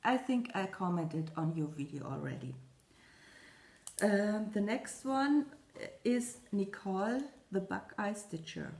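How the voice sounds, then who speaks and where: Woman chatting slowly on her craft vlog, lots of ums, echoey room. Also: mid-range voice, lively intonation, a little mellow. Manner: slow, hesitant, many fillers and restarts. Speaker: Flosstube vlogger. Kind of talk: casual chat to camera.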